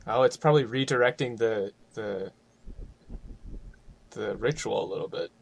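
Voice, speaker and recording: A man's voice: lowish voice, normal speed, creaky, breathy edge. A man playing in a tabletop game, explaining his plans with wry asides. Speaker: player. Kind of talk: casual tabletop play.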